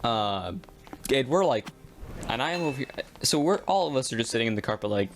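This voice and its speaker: A young man telling a school story in a casual, rambling way while gaming, slipping into quick voiced quotes. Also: medium pitch, faint music behind. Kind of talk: casual storytime over gameplay.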